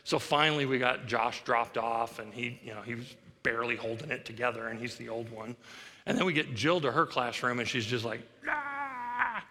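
A man's voice: medium pitch, a little fast, bright, forceful tone. A middle-aged male pastor preaching a sermon, telling a story with humor and self-deprecation. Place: church sanctuary. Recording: long reverb of a large church hall.

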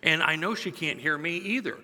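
A middle-aged man preaching a sermon, telling stories in a conversational, lively way. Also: on the high side, brisk, a little hiss or hum. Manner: conversational storytelling, lively and chuckling. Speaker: pastor. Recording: long hall reverb.

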